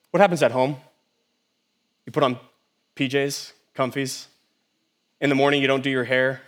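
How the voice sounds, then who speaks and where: Middle-aged male pastor, animated sermon, loud then hushed, rhetorical questions. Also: mid-range voice. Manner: animated preaching, swings between loud and hushed; asks the congregation many rhetorical questions.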